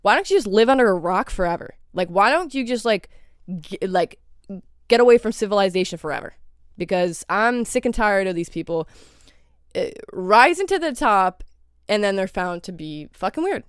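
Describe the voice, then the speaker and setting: A woman's voice: mid-range voice, lively intonation, moderate pace, smooth, no echo, studio quality. Heated swearing young woman podcaster. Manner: heated, swears a lot, rhetorical questions. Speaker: podcast host. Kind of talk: casual commentary rant.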